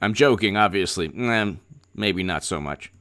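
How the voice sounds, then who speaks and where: A man's voice: low voice, animated, a little slow, sharp tone. A man hosting a political commentary livestream, talking in a sarcastic, rambling way with stammered repeats.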